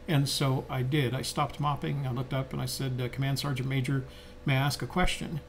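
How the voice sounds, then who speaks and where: This older man, co-hosting a podcast, tells reflective stories in a mid-range voice with a flat delivery and a brisk pace. He talks conversationally, with lots of fillers and restarts. There's a little hiss or hum.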